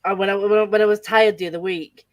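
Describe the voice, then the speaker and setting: A woman with a Yorkshire accent chatting casually with friends, laughing often and talking in quick bursts. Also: mid-range voice, fairly even intonation, dry recording. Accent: Yorkshire English. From Yorkshire, England. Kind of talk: casual group chat on a livestream.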